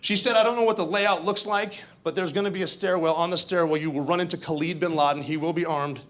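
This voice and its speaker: Guy on stage telling a story, kinda high voice, animated, chatty asides. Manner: animated, conversational, with asides and laughs. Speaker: keynote speaker. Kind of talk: storytelling speech.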